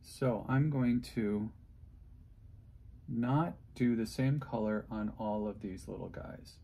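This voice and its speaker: A man's voice: mid-range voice, slow pace, creaky, dark tone, husky. A man hosting an unscripted craft demonstration, chatting and joking and talking to himself as he works. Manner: chatty, jokey, talks to himself while working. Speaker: host and art teacher.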